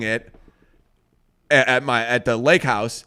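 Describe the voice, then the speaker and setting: A middle-aged man co-hosting a casual chat show, telling family stories in an animated way, acting out quotes and swearing freely. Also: mid-range voice, slow, clean tone. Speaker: co-host.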